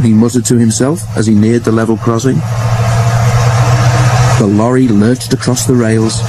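A man narrating a children's storybook in a steady storytelling manner. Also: medium pitch, noisy background. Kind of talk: storybook reading. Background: music.

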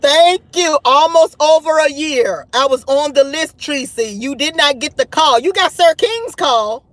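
A woman in her thirties hosting a live stream, chatting in a lively, gossipy way and calling her viewers "child" and "honey". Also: high-pitched, a little slow, dry recording. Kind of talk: casual live-stream chat.

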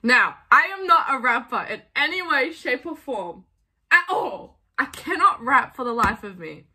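Over backing music, a woman singer doing a cover chats casually, giggling often and making fun of herself. Her voice is high-pitched and bright, with lively intonation, a pushed quality and a breathy edge, delivered at a normal speed.

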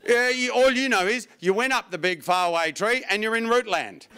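A man's voice: high-pitched, brisk, very noisy. A man performing a stand-up comedy routine, wry and profane, telling stories with lots of energy. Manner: wry, profane, animated storytelling.

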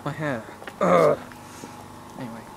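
A man's voice: fairly high pitch, measured pace, creaky. A young man with an English accent, chatting casually in a vlog while walking outdoors and holding the camera. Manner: chatty, animated storytelling with laughs. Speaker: vlogger. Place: outdoors on a street. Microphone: handheld camera at arm's length. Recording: noisy outdoor phone camera audio.

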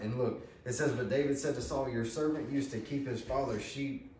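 Folksy pastor preaching in an echoey church. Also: male voice, medium pitch, normal speed, a little mellow, distant mic, a little hiss or hum. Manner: folksy, conversational preaching with paraphrased quotes. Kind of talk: sermon. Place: church sanctuary.

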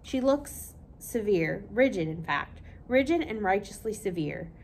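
A woman, a children's librarian, reading a children's novel aloud with expressive storytelling. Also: mid-range voice, measured pace, slight background noise.

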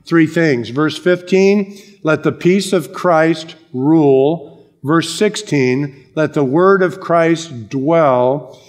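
Man, pastor, sermon, emphatic preaching, pitch on the high side. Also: takes it slowly. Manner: emphatic preaching with shifting pace.

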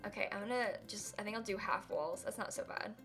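A woman's voice: medium pitch, fast, pushed and bright, faint music behind. A woman live-streaming a building game, chatting casually with her viewers, giggling and teasing herself as she works. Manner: chatty, giggly, self-mocking, talks to chat.

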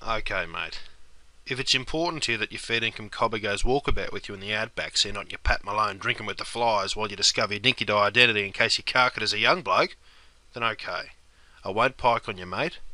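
A man's voice: on the low side, sharp tone. A man with an Australian accent giving scripted comedic narration about slang, drawling and calling the listener mate. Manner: drawling, tacks "mate" onto phrases, broad slang. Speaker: host and teacher of Australian slang.

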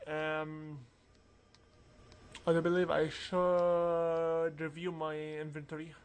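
A man's voice: a little high, monotone, slow, smooth. A man giving casual, rambling commentary over a role-playing game walkthrough, mumbling through asides. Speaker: let's play narrator.

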